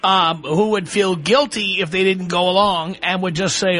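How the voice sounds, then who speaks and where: A man hosting a call-in radio show with a bright, sharp voice that sits fairly high. He answers callers bluntly and throws in wisecracks. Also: fairly even intonation, moderate pace. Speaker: radio talk show host.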